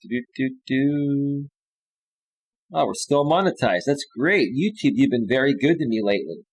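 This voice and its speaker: A man's voice: mid-range voice, sing-song, fairly quick, husky, rough recording. A man hosting a live stream, reading viewer comments aloud and answering them bluntly and dismissively. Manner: blunt and dismissive, with frequent restarts.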